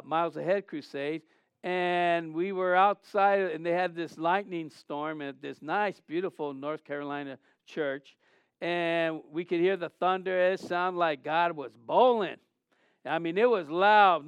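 High, clear-voiced male preacher. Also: a little slow, no echo. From Southern California. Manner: conversational preaching, animated storytelling with repeated restarts. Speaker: pastor. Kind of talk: sermon.

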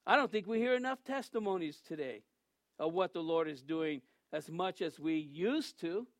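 A man's voice: a little high, animated, normal speed, no room sound. A male pastor giving a sermon in a conversational, storytelling way that turns emphatic at times.

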